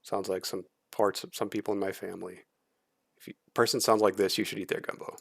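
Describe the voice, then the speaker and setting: A man's voice: low voice, level tone, fairly quick, creaky, fairly bright tone, breathy edge, no echo, clean studio sound. A man streaming casual reaction commentary, blunt and critical, swearing freely.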